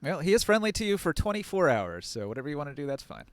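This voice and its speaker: A man's voice: on the high side, sing-song, fast talker, dry recording. A man narrating as game master on a live stream, playful and rambling, with laughing asides into a close mic.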